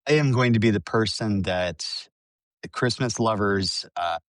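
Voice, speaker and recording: A man's voice: lowish voice, measured pace, no echo. A man in his fifties chatting casually as a podcast co-host, wry and self-mocking, laughing often. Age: 50s. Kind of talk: casual chat.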